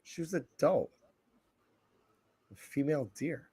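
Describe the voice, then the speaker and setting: High-voiced man cracking crude jokes. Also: lively intonation, mellow, husky. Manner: quick crude one-liners, laughs a lot. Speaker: podcast co-host. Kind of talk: crude casual banter.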